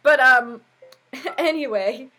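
A woman with a bright, slightly husky voice co-hosts a podcast. She recaps a TV episode in casual chat, laughing often and slipping into the characters' lines. Her voice sits a little high. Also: takes it slowly. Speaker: podcast co-host.

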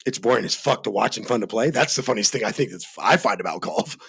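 A man co-hosting a football podcast in casual chat, joking around with loud, profane banter. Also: lowish voice, fast talker, creaky, husky. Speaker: podcast co-host.

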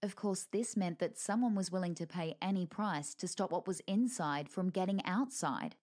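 A woman's voice: on the low side, moderate pace, a little mellow. Wry woman narrating a storybook. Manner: wry and lighthearted.

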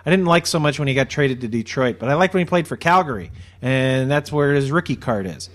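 A man's voice: mid-range voice, lively intonation, fairly quick. A man co-hosting a casual podcast chat, rambling animatedly and swearing freely. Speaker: podcast co-host.

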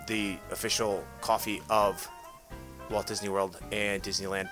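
A man's voice: on the low side, pushed and bright. A man hosting a casual podcast, chatty and full of restarts as he wraps up the show. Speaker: podcast host.

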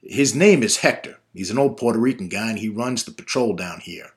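A man voicing his father, a boisterous, gruff middle-aged dad who talks loud and excited. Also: on the low side, fairly quick, lightly acted. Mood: boastful.

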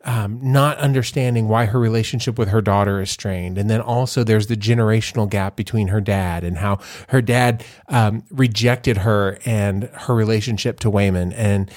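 A man's voice: on the low side, fairly even intonation, normal speed, hardly any pauses, a little mellow, no room sound, studio quality. A man co-hosting a podcast in casual chat, telling stories with frequent laughs and restarts. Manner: rambling storyteller, laughs often, many restarts. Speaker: podcast co-host.

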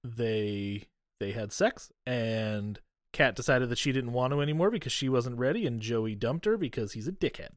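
A man's voice: medium pitch, fairly quick. A man co-hosting a casual movie podcast, recapping scenes with a lot of swearing and laughter. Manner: animated, profane, laughing recaps. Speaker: podcast co-host. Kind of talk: casual chat.

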